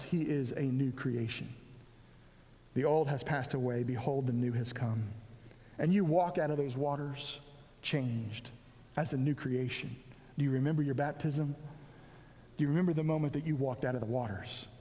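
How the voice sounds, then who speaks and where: A man's voice: medium pitch, normal speed, warm tone. A man preaching a sermon as pastor, reading scripture with rising emphasis. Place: church sanctuary. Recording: long reverb of a large hall.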